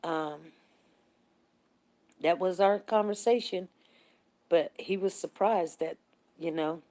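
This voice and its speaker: A middle-aged woman hosting a casual morning live stream, chatting with viewers, greeting them by name and telling stories in an animated way. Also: lowish voice, slow pace. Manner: animated storytelling, voices others in the story.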